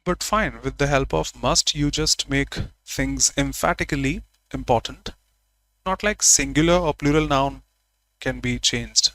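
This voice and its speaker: A man's voice: mid-range voice, unhurried, fairly bright tone, no echo, poor audio. A man teaching grammar in a live online class, repeating example phrases and answering viewers by name.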